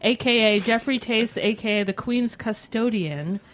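A woman's voice: on the high side, normal speed, crowd noise, rough recording. A woman co-hosting a radio talk show, chatting casually in a teasing, blunt way. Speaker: co-host. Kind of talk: casual banter.

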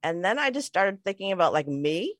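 A woman's voice: mid-range voice, very animated, fairly quick, no room sound. A woman in her forties, a podcast co-host, telling a personal story in a chatty, self-deprecating way, laughing often. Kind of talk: casual storytelling chat. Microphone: remote call mic.

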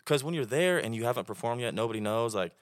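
A man's voice: medium pitch, fast, no echo, studio quality. A young man from Oklahoma with an Oklahoma accent, a podcast guest chatting casually and telling stories with plenty of swearing. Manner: swearing, animated storytelling. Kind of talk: casual chat.

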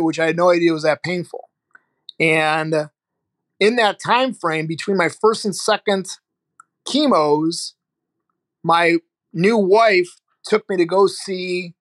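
A middle-aged man from Ohio, United States, guests on a casual storytelling interview, telling his story frankly, vividly and animatedly while swearing freely. His voice is a little high, with no room sound in the recording.

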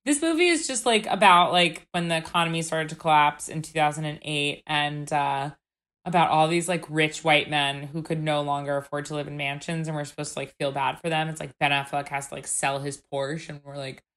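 A young woman co-hosts a podcast in loose, animated conversation. Her voice sits a little low but has a bright, forceful edge. She exclaims readily and swears freely. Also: brisk. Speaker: podcast co-host. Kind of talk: casual chat.

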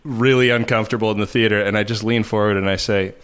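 A man's voice: lowish voice, steady tone, fast, few pauses, clean tone. A man co-hosting a podcast, telling a story in casual chat with lots of fillers and laughter. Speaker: podcast co-host.

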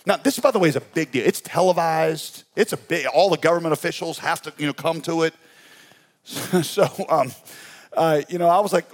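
Preaching at a conference, a male pastor tells a story in a conversational, humorous way at a moderate pace. His voice climbs high when he gets excited and goes soft when he turns reflective.

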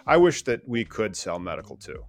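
Low-voiced man in joking chat. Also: very animated, soft background music. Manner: quick, joking, reads out items with asides. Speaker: podcast co-host. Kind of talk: casual chat about cannabis news.

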